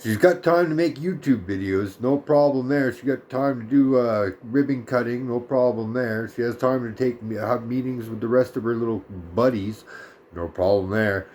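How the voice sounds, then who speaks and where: A man's voice: mid-range voice, normal speed, darkish tone, slight background noise. Brief: man, 30s, casual vlog rant, sarcastic, cusses a lot. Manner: blunt, profane, sarcastic. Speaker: vlogger. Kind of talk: casual ranting story.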